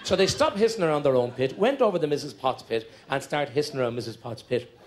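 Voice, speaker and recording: A man's voice: mid-range voice, lively intonation, quick pace. A middle-aged Irish man telling long comic stories on stage in a chatty, conspiratorial way, building jokes through repetition. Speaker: stand-up comedian. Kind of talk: live stand-up storytelling.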